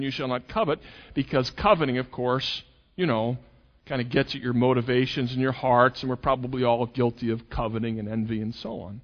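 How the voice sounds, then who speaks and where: A male pastor preaching a sermon, acting out quoted voices with sarcasm. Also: medium pitch. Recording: dull sound with long hall reverb.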